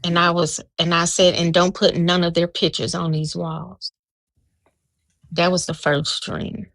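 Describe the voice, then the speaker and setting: A woman with a low, gravelly voice tells a dream to friends on a live video call, acting out each person's lines as she goes. Her voice is pitched low with plenty of fry. The sound is close and dry. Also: a little slow, dry recording. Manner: animated storyteller, acting out quoted dialogue. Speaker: live stream guest telling a dream. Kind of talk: casual storytelling chat.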